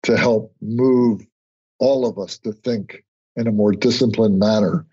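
A man, a guest on an interview podcast, telling stories in a conversational way and getting animated when he acts out other people. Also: on the low side, a little slow. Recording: husky voice, dull lo-fi audio.

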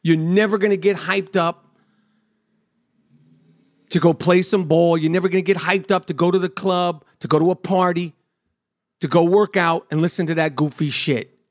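A man's voice: sits high, steady tone, moderate pace, long pauses. A man hosting a podcast, delivering a blunt, profane, heated monologue. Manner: blunt, heated, heavy swearing. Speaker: podcast host.

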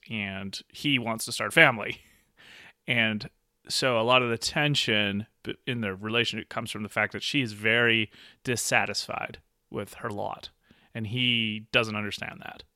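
A man co-hosting a podcast, talking in an animated way and laughing easily. He has a bright, forceful tone, recorded dry and close. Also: on the low side, normal speed, creaky, no echo. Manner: animated, laughs often, acts out quotes. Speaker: podcast co-host. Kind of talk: casual podcast chat.

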